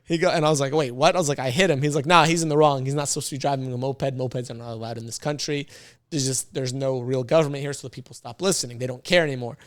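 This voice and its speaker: A man from the United States, a podcast guest, telling a story in a casual, animated, slangy way and laughing often. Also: mid-range voice, quick pace, no room sound, studio quality.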